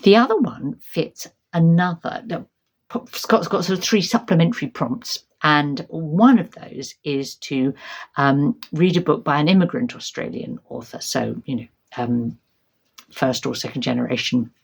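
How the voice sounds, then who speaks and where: A woman's voice: low voice, a little slow, creaky, husky. A middle-aged woman vlogging casually about her reading plans, chatty and hesitant, with frequent ums and restarts. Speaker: book vlogger. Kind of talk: casual book chat to camera.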